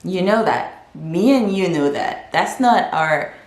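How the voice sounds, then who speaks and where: Brief: young woman from Africa, frank chatty vlogger, lowish voice, roomy echo. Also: animated, takes it slowly. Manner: frank, chatty, lots of fillers and restarts. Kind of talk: casual advice vlog.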